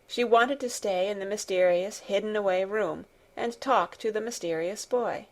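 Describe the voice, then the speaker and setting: A woman reads a classic novel aloud as an audiobook, at a middle pitch. Her delivery is soft and even, and her pacing is relaxed, as if she were telling a bedtime story. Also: normal speed. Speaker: audiobook narrator. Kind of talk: calm scripted audiobook narration.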